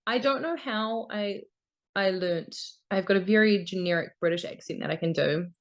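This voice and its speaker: A woman's voice: mid-range voice, moderate pace. A young woman from New Zealand, a voice actor, chatting casually in an interview and laughing often. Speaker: voice actor guest.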